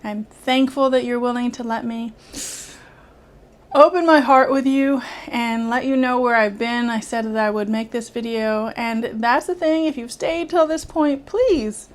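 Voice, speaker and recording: A middle-aged woman talking from the heart to her viewers in a personal vlog, halting and earnest, often restarting and close to tears at times. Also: fairly high pitch. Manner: earnest, halting, with many restarts and soft laughs. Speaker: art YouTuber and children's author. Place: home studio with painting behind.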